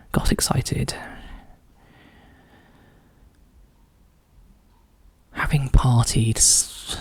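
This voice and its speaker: Guy thinking out loud over a crossword, low gravelly husky voice, mumbles clues to himself. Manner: muses slowly, often muttering clues under his breath. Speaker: crossword solver. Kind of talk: thinking aloud while solving a puzzle.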